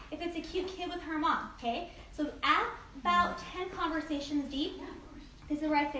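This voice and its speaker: Bright, high-voiced chatty woman trainer. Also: moderate pace. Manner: upbeat, chatty, uses many "like"s and "okay?"s. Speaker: network marketing trainer. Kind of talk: casual group training talk. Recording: echoey room, mic from a distance, faint noise.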